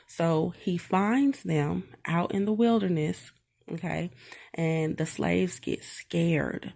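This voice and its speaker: A woman's voice: lowish voice, slow, gravelly, a little mellow. A woman reading a Bible passage and reflecting on it from her own life, in an earnest, personal way. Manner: earnest, reflective, talks straight to the viewer with tag questions. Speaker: mother sharing devotional reflections.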